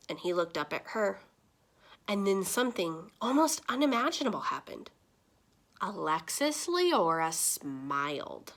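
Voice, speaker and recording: Animated woman reading a storybook aloud. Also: mid-range voice. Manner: expressive, animated. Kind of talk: children's storybook read-aloud.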